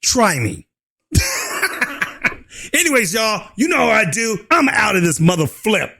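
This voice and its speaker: A man hosting his own channel, ranting loudly with mocking laughter and put-on imitations of opponents. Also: high voice, sing-song, normal speed, vocal fry. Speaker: host. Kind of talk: opinion rant.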